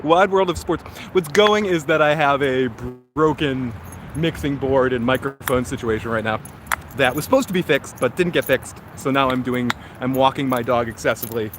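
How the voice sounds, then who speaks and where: A man's voice: mid-range voice, moderate pace. A man hosting a casual live-stream review while walking outdoors, rambling and correcting himself as he talks. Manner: rambling, self-correcting, chatty. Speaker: host. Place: outdoors in a park. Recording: outdoor traffic noise.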